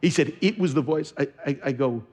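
A man's voice: on the high side, brisk, darkish tone, long reverb tail. A man pastor preaching a sermon, telling a story with quoted speech and building to fervent exhortation. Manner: storytelling, quoting others, rising to fervent exhortation.

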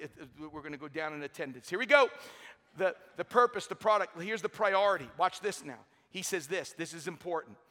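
A man's voice: high-pitched, pushed and bright. A middle-aged man preaching a sermon with energy and humor in a large church. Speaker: pastor. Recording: long hall reverb.

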